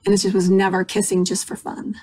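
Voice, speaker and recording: A woman's voice: mid-range voice, monotone, fairly quick, a little mellow, slight background noise. A woman, a reality show cast member, talking candidly and emphatically in an interview clip, at times dropping to a near whisper.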